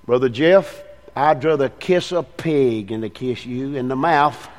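An older man, preaching a fervent sermon as pastor in a church, swinging between hushed and loud passages. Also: medium pitch, unhurried, long reverb tail. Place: church sanctuary.

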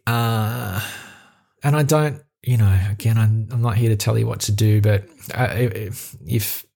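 A man with an Australian accent hosting a reflective solo podcast, talking in an earnest, halting way with many fillers and restarts. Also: mid-range voice, creaky, a little mellow. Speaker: podcast host.

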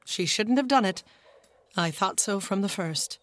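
A woman's voice: mid-range voice, animated, measured pace, fairly bright tone, dry recording. A woman voicing a teasing, good-humored male doctor in a storybook reading. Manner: playful, pleased with himself.

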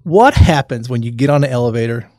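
A man co-hosting a casual talk show, a loud, joking storyteller. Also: medium pitch, expressive, quick pace, dry recording, clean studio sound. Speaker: co-host. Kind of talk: casual radio-style chat.

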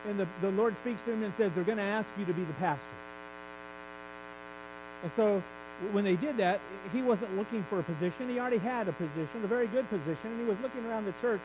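High-voiced man preaching candidly. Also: fast talker, noisy background. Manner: candid, conversational preaching with rising emphasis. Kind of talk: sermon.

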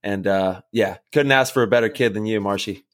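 Lower-voiced man, reactive host. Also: a little fast. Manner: encouraging, reactive. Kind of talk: casual chat.

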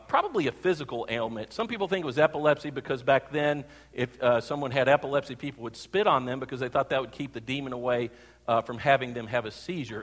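A man preaching a sermon to his congregation, asking them pointed questions. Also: medium pitch. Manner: animated, rhetorical questions to the congregation. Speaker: pastor. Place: church sanctuary. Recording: long hall reverb.

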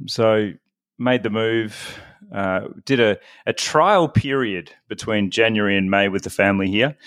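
A man's voice: on the low side, no echo, studio quality. A middle-aged man from Melbourne with an Australian accent, a podcast guest telling stories about himself in a chatty, self-deprecating way. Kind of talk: casual interview chat.

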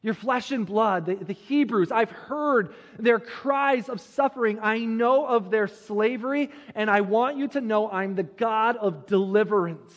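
A man's voice: high voice, highs cut off. A man voicing God as a solemn deity who makes promises, while telling a story in a sermon. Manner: slow, declaring, reassuring promises. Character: God, a solemn all-knowing male deity. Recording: long hall reverb.

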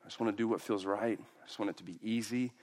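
A man preaching a sermon as pastor, acting out quoted voices with big jumps in pitch. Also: fairly even intonation, fast talker, a little mellow.

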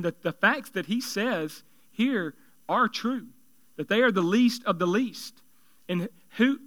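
High, resonant-voiced male pastor preaching. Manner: animated, conversational, joking asides. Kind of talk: sermon.

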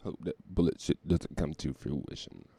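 A man's voice: rumbling low, normal speed, creaky, dark tone, slightly rough. A man delivering a casual comedic rant, profane and rambling, often laughing and slipping into mock voices. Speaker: comedic commentator.

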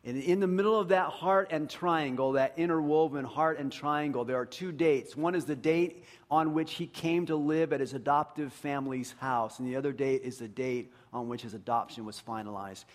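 A man preaching a sermon as pastor to his congregation. He speaks earnestly and often drops to a hushed voice for emphasis. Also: mid-range voice, moderate pace, few pauses.

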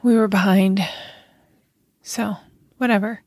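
A woman's voice: mid-range voice, steady tone, moderate pace, no room sound. A middle-aged woman co-hosting a podcast in casual chat, laughing easily. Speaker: podcast co-host.

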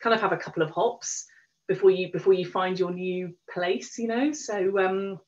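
A middle-aged woman, an interview guest, frankly tells her story in a medium-pitched, slightly mellow voice at a moderate pace. Her candid conversational storytelling is full of fillers and restarts, captured on a dull lo-fi recording.

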